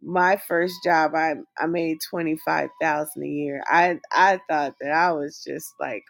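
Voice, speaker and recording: A woman's voice: sits low, steady tone, unhurried, gravelly. A woman co-hosting a casual chat show, laid-back and chatty, laughing often as she reads listener letters and gives advice. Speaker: podcast co-host.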